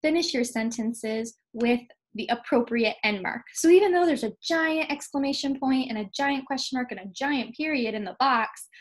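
A woman teacher giving a recorded lesson to young children, patient and clear, slowing down to stress key words. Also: a little high, rough recording. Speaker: second grade teacher.

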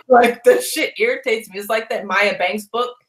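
A woman hosts a casual book club chat, ranting loosely and swearing often as she tells stories animatedly. Her voice is on the high side and her pace measured, though the recording is rough.

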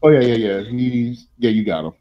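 A man running an online tabletop game as game master, making relaxed, joking rulings. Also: mid-range voice, normal speed, dull audio.

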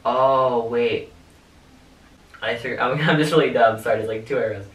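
A man's voice: medium pitch, lively intonation, normal speed, a bit bright. A young man vlogging casually in his bedroom, rambling and swearing with lots of fillers, caught on a hidden camera. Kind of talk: casual vlog talk. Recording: echoey room, far from mic, faint hiss.

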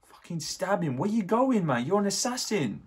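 Husky, excitable young man reacting to a movie. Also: high voice, normal speed. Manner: excitable, swearing, lots of fillers. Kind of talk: casual movie reaction commentary.

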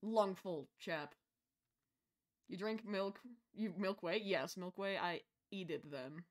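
A woman streamer chatting through a horror game, swinging between shouted insults and quiet mumbling asides, rambling and joking with her chat. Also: mid-range voice, expressive, moderate pace, pauses often, faint music behind.

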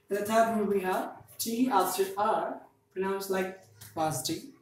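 A woman's voice: medium pitch, unhurried. Female English trainer, patient repeat-after-me drills, heavy room echo, distant mic. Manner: repetitive, has learners repeat after her. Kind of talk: teaching pronunciation drills. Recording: very echoey room, mic at a distance, faint noise.

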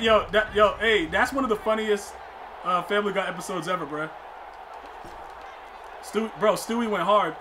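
A man's voice: high-pitched, animated, normal speed, long pauses, background noise. A young man streaming a football video game, rambling in casual commentary, laughing a lot and repeating catchphrases. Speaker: gaming streamer. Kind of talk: casual live gameplay commentary.

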